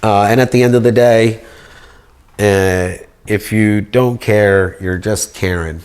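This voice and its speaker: Rambling, grandiose man, low-voiced. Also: takes it slowly, a little mellow, clean tone. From United States. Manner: grandiose, rambling, speaks as if addressing a judge. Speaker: speaker pleading his case. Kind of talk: rambling monologue.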